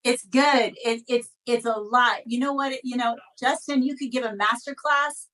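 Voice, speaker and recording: A woman hosts a casual interview, cheering on her guest in an upbeat, encouraging way. Her voice sits a little high. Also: fairly even intonation, moderate pace, fairly bright tone, rough recording. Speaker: interview host, company founder.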